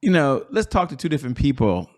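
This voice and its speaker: A man hosting a business talk show, energetic and playful, stretching words for emphasis. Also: a little high. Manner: hyped, playful, drawn-out emphasis. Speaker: show host.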